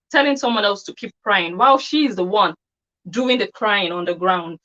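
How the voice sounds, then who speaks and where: A woman's voice: medium pitch, normal speed, sharp tone, lo-fi sound. A woman giving an opinionated commentary monologue on her channel, scornful and full of rhetorical questions. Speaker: commentary vlogger.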